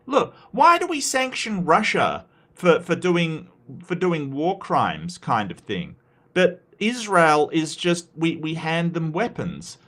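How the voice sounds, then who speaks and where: A man's voice: a little high, big pitch swings, slow pace, a bit bright. Impassioned Australian man ranting on stream. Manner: impassioned, repetitive restarts. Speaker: livestream host. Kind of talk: casual livestream rant.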